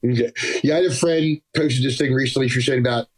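A man's voice: mid-range voice, fairly even intonation, fast, rough recording. A man with a New Jersey accent, a musician guest on a remote call. He rambles in casual chat, pokes fun at himself and laughs often.

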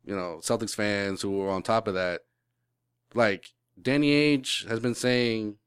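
A man's voice: lowish voice, measured pace, fairly bright tone, clean tone, no echo, studio quality. A male podcast host in casual sports chat, rambling with lots of restarts and the odd swear word.

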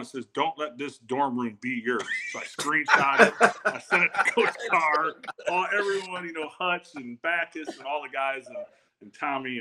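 Bright-voiced man telling animated stories. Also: medium pitch. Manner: animated anecdotes with repeated starts, quotes others. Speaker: guest, former football tight end. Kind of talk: casual storytelling chat.

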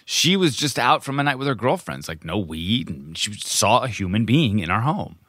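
A man co-hosting a podcast from home, telling a story in a lively, casual way, acting out quotes and swearing freely. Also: lowish voice, normal speed, no echo, clean studio sound. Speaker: podcast co-host. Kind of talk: casual chat.

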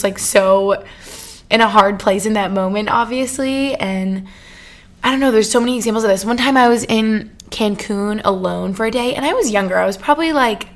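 A woman in her twenties hosting a podcast on her own, chatting casually and gushing with lots of "like" fillers and tangents. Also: mid-range voice. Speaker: podcast host. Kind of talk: casual solo podcast chat.

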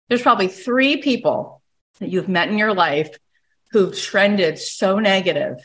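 Bubbly woman podcast host. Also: fairly bright tone. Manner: enthusiastic, breezy, acts out little quoted scenes with big pitch jumps. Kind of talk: animated motivational podcast talk.

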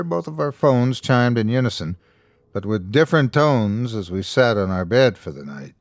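A man narrating a scripted horror story in a measured storytelling voice, lightly voicing the characters. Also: on the low side, no echo, clean studio sound. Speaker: host and narrator.

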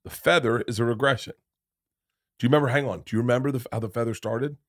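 A middle-aged man telling stories in a casual podcast chat, profane and animated, with many asides. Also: medium pitch, fast talker, dry recording, clean studio sound. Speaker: podcast guest.

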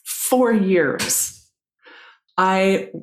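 A woman's voice: mid-range voice, extremely slow, reverberant. A woman pastor speaking as a guest, frank and reflective in a candid conversation, with the odd blunt swear word.

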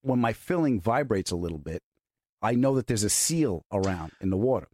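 A man hosting a podcast, telling a story in a deadpan way that builds to a punchline. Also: lowish voice, fairly quick, dry recording. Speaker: podcast host. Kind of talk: casual chat, storytelling.

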